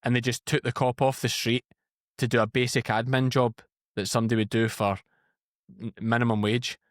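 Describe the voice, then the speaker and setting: A man in his thirties with a Scottish accent, a podcast guest telling lively, blunt stories in casual chat. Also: medium pitch, a little fast, dry recording, studio quality. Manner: storytelling, animated and blunt. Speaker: podcast guest, farmer and former police officer.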